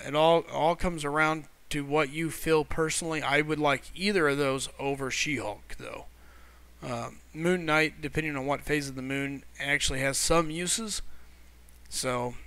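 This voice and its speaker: Chatty Missouri man, bright crisp voice. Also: on the high side. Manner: chatty, friendly, reads viewer comments aloud. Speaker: streamer hosting a live game stream. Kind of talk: casual live-stream chat.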